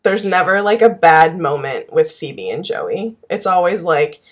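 Female co-host, slightly low voice, relaxed filler-heavy chat. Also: unhurried. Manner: easygoing, heavy use of "like". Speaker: podcast co-host. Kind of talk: casual chat.

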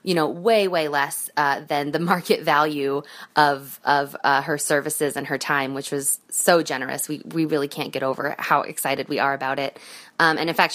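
A woman's voice: low voice, a bit bright. A woman leaving a voicemail for a podcast, effusive and grateful, with hesitant fillers. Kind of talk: recorded voicemail message.

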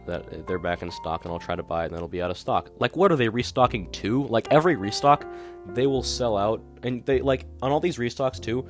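A young man hosting a podcast, talking casually in a rambling, exasperated way with lots of fillers. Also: lowish voice. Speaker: podcast host. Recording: guitar music playing underneath.

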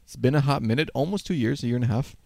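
A man's voice: medium pitch, racing, gravelly, warm tone, no echo, studio quality. A man hosting a casual gaming podcast, rambling and joking with frequent laughs. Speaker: podcast host.

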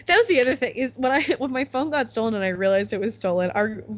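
A woman's voice: on the high side, fast talker. A young woman from the United States hosting a podcast in casual chat, with lots of "like" fillers. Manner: chatty, full of "like" fillers. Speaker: podcast host. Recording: slightly muffled podcast recording.

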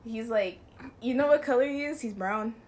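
A woman's voice: a little high, normal speed, a little mellow. A young woman co-hosting a podcast, chatting casually in a giggly, rambling way and apologizing often. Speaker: podcast co-host. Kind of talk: casual chat.

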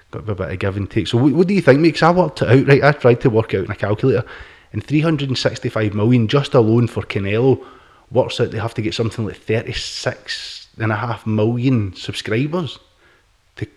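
A man's voice: fairly low pitch, a little mellow. A British man co-hosting a casual podcast, rambling, repeating words and swearing freely. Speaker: podcast co-host.

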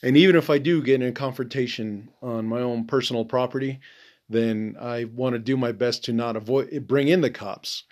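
A man's voice: medium pitch, normal speed, a little mellow. A man hosting a podcast, talking casually in a blunt, profane, rambling way with lots of fillers. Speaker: podcast host. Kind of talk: casual monologue.

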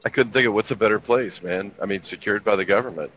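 A man's voice: lowish voice, fast talker, fairly bright tone. A man in his fifties telling army stories in casual chat, with a laid-back, profane, wry delivery. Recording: dull lo-fi recording with faint ambience.

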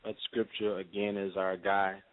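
A man giving a radio interview in a measured, preacherly way, with frequent fillers. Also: deep voice, level tone. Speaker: interview guest. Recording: phone-line audio.

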